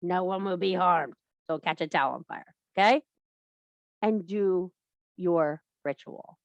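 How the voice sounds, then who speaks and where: A woman's voice: on the low side, unhurried, no room sound, dull audio. A middle-aged woman leading a women's workshop over a video call, talking bluntly and emphatically with a lot of swearing. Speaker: women's circle leader. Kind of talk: casual workshop talk.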